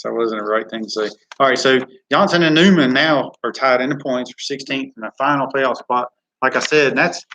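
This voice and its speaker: A man's voice: mid-range voice, fairly bright tone, low-quality recording. A man hosting a live chat Q&A from a studio, rambling and reading viewer comments aloud. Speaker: live stream host.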